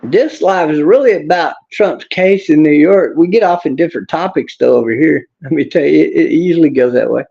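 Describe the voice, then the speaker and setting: Gravelly blunt man ranting. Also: on the high side, brisk, few pauses, mellow, highs cut off. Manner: blunt, angry, swears, talks back to chat. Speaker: livestream host reading chat. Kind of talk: casual political livestream rant.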